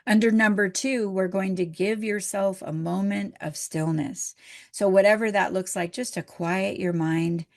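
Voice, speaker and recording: A middle-aged woman minister giving a gentle, encouraging, conversational sermon. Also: lowish voice.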